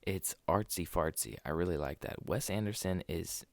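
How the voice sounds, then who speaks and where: A man's voice: low voice, moderate pace, vocal fry, no room sound. A man co-hosting a podcast, talking casually about movies, rambling and restarting his sentences. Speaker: podcast co-host. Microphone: desk podcast mic.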